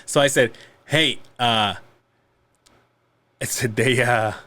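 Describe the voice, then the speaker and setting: A man's voice: mid-range voice, takes it slowly. A man from Mexico telling a rowdy story in casual chat, swearing freely and acting out other people's lines. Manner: profane, animated, acts out quoted lines.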